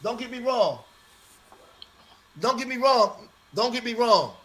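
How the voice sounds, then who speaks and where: A man's voice: very high-pitched, expressive, unhurried, fairly bright tone. A man in a live-stream debate who insists on his point and repeats his phrases.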